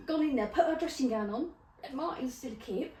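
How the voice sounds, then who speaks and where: A middle-aged woman spins funny stories in a casual podcast chat, animated and quick to laugh and swear. Her voice sits fairly high. It sounds roomy and a bit distant from the mic, with faint noise behind. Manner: animated storyteller, laughs often, swears freely. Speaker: podcast co-host.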